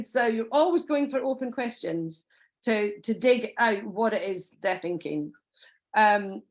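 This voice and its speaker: Woman giving a sales training, kinda high voice, rambly with lots of ums and restarts. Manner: chatty, acts out customer lines, many restarts and ums. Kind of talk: informal training talk.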